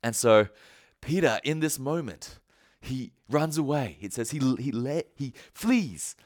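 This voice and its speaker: Lively, conversational male preacher. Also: medium pitch, a little slow, no echo, studio quality. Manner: conversational, acts out the characters' lines in the story. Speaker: pastor. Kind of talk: casual sermon.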